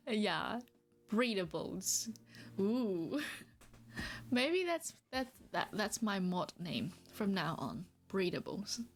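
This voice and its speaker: A woman's voice: mid-range voice, big pitch swings, very slow, long pauses. A woman streamer chatting casually and playfully with her viewers, teasing and often giggling. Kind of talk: casual live-stream chat.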